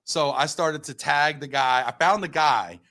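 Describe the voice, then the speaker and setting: A man in his thirties from the United States, telling a story as a podcast guest, animated and full of fillers, acting out his own quotes. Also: a little high, a little slow. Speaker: podcast guest, company founder. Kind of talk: casual storytelling in an interview.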